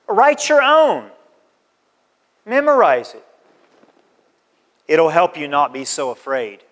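A pastor exhorts his listeners with repeated calls, acting out everyday conversations during his sermon. His voice is on the high side and a bit bright, slow, with huge pitch swings, recorded with long hall reverb.

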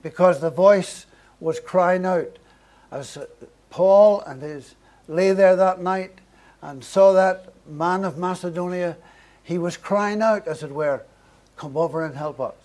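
A male preacher with a slightly higher than usual voice delivers a sermon. He speaks earnestly, stacking short repeated phrases to build emphasis. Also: slow pace, a little mellow.

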